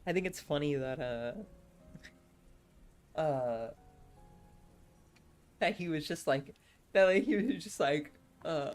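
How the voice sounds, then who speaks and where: A woman with a low voice and a sore throat riffs casually on a live stream. She giggles often and rambles, restarting her sentences as she goes. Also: expressive, slow, long pauses, a little mellow, soft background music. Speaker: streamer reading a novel aloud.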